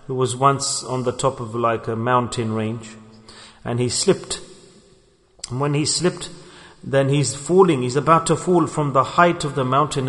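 A man giving a sermon, telling a story in a conversational, animated way. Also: medium pitch. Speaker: preacher. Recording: long hall reverb.

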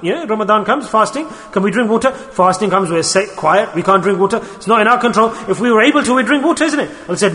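A man delivers an exhorting sermon in a bright, forceful voice, sprinkling his English with Arabic and Urdu religious words. He keeps pressing his listeners with rhetorical questions. His voice rings on in a long hall reverb. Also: high voice, lively intonation, fast. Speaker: preacher.

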